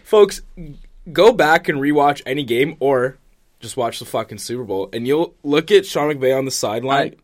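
A man's voice: medium pitch, normal speed. A man co-hosting a casual sports podcast, bantering and joking with a friend. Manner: jokey, animated banter. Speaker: podcast co-host. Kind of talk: casual chat.

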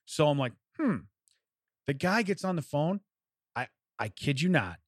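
A man's voice: a little high, very animated, a little slow, dry recording, clean studio sound. A man telling a long story in casual chat, acting out both sides of a phone call and laughing often.

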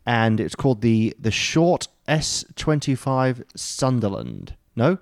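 Male co-host, rambling and halting, casual swearing, dead-dry recording. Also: mid-range voice, very animated, no echo. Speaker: podcast co-host. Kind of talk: casual chat over beers.

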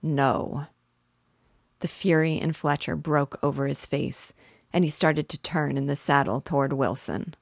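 A woman reads a novel aloud at a measured, steady pace. Her voice sits low, and the recording is dry and close with no room sound. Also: vocal fry, no echo. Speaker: reader, host.

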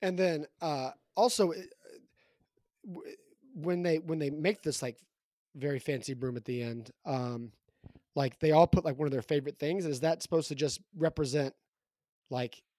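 A man co-hosting a podcast, rambling and halting through his thoughts about a picture book with lots of restarts. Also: fairly high pitch, dark tone, no room sound, studio quality. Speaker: podcast co-host.

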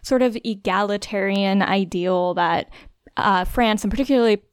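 A woman's voice: mid-range voice, normal speed, clear, resonant tone, dry recording, clean studio sound. A woman co-hosting a podcast, explaining things in a chatty way with plenty of "like" and "uh". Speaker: podcast co-host. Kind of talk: conversational podcast discussion.

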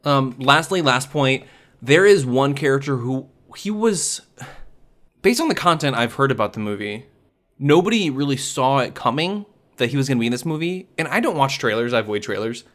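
A man's voice: mid-range voice, big pitch swings, normal speed, a bit bright. A man casually recapping a movie in a chatty, rambling way, full of fillers and restarts. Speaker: movie reviewer. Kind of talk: casual spoken review.

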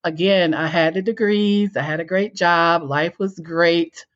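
A woman's voice: fairly low pitch, fairly even intonation, unhurried, lo-fi sound. A woman guest telling her personal story in an interview. She acts out her own past lines and laughs as she tells it. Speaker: guest, coach and speaker.

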